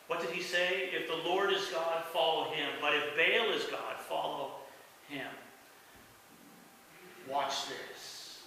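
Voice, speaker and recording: A man's voice: fairly high pitch, pushed and bright. A man preaching a sermon as pastor, telling a Bible story and acting out the quoted lines with sudden rises in voice. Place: church sanctuary. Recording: echoey church hall, mic from a distance, faint hiss.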